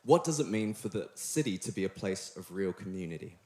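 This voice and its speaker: A man's voice: sits low, expressive, fairly quick, darkish tone. Young New Zealand man preaching, chatty and playful with the crowd, reverberant church hall. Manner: friendly, joking, chatty with the room. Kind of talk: sermon. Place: church hall before a live congregation.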